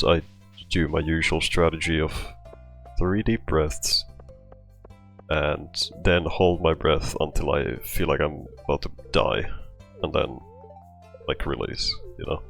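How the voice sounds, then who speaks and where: A man with a low, deep voice tells a story slowly and casually, winded and short of breath. He rambles and trips over his own sentences. Soft music plays faintly underneath. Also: fairly even intonation, creaky. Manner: rambling, with many restarts and fillers. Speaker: storytime vlogger.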